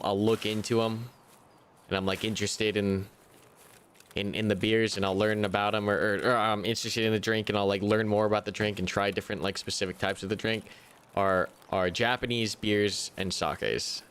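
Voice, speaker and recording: A young man streaming a game, chatting casually in a rambling, profane, animated way. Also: fairly low pitch, clear, resonant tone. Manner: rambling, profane, animated rants with mocking impressions. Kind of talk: casual live-stream chat while gaming.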